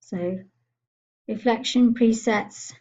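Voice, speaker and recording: Woman, software tutorial, husky mellow voice, muffled recording. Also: fairly high pitch, takes it slowly. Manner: chatty, thinking aloud while clicking through menus. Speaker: computer skills tutor.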